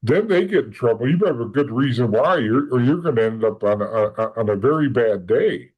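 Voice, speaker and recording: A man's voice: mid-range voice, animated, fairly quick, slightly rough, lo-fi sound. A man talks through his story as a podcast guest, in a casual, unpolished way that keeps circling back. He is blunt and matter-of-fact, stumbles into restarts and doubles up words, and has a voice that sits in the middle of the range. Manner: rambling, with many restarts and repeated words.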